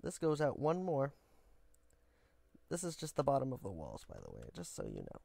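A man chats through a building game for his viewers in a loose, goofy way, wandering off into silly asides. His voice has a gravelly edge, and the sound is dry and close with no room around it. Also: on the high side, huge pitch swings, moderate pace, long pauses, a little mellow, dry recording. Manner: chatty and goofy, rambling asides. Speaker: game building vlogger, host. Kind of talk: casual gameplay commentary.

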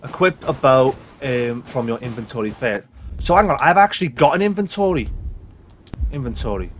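A man's voice: mid-range voice, lively intonation, moderate pace, slight background noise. A man with a sweary, exasperated manner, commentating his own gameplay and talking back to the game. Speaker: gaming YouTuber.

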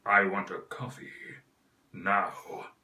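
A menacing male space villain , as a man puts him on, rumbles in a voice pushed low and heavy. Every word comes out slow and deliberate, for a comic impression. The tone has a bright, forceful edge despite the depth. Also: little pitch movement, far from the mic, heavily acted.

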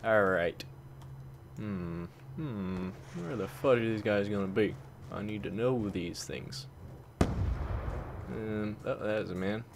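A man commenting on his own gameplay, excitable, dropping from low mutters to sudden loud yelps and swapping curses for mild words. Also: takes it slowly, gravelly, pauses often. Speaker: gaming commentator. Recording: game gunfire and noise behind the voice.

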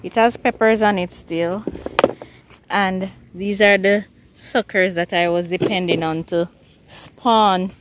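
A woman's voice: mid-range voice, steady tone, slow pace, a little hiss or hum. A woman from Jamaica with a Jamaican accent, chatting casually and laughing often as she walks through her outdoor container garden. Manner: chatty, laughs often while showing plants. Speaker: gardening vlogger. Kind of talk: casual garden walkthrough vlog.

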